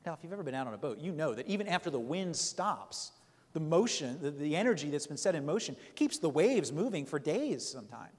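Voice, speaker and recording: A man's voice: a little high, big pitch swings, brisk, darkish tone, long reverb tail. A man preaching a sermon, reading scripture aloud and explaining it in a conversational way, often checking in with "right?" and restarting phrases.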